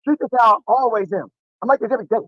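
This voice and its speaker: Man, host, combative and brash, quick high delivery, dry muffled call audio. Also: no room sound. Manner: brash, combative, repeats himself. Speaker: show host. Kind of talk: heated casual debate.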